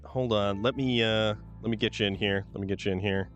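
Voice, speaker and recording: A man's voice: fairly low pitch, steady tone, fairly quick, faint music behind. A man hosting a game stream, chatting casually and reading out vehicle details. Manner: chatty, reads truck descriptions aloud. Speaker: streamer host. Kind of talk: casual gameplay chat.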